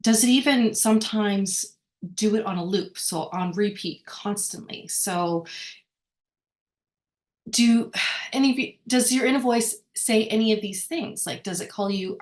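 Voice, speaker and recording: A woman's voice: medium pitch, normal speed. Woman teaching in loose, chatty asides. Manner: conversational, asks listeners "right?" often; rambling with frequent self-corrections. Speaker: workshop speaker. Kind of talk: informal teaching talk.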